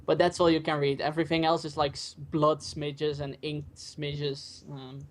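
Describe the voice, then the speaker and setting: A game master narrating a tabletop game over online voice chat, pausing often with ums and uhs. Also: medium pitch, flat delivery. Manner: hesitant, many ums and uhs. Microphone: online voice chat mic.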